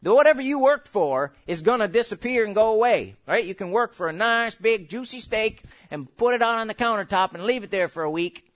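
A man preaching a sermon as pastor, animated and jokey, with sudden shouts, and slowing right down when he reads scripture. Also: high voice. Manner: slow, drawn-out scripture reading.

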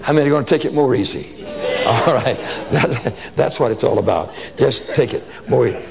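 Animated, gravelly preacher man. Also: mid-range voice, normal speed, crowd noise. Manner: animated, colloquial, repeats words for emphasis. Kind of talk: sermon with storytelling.

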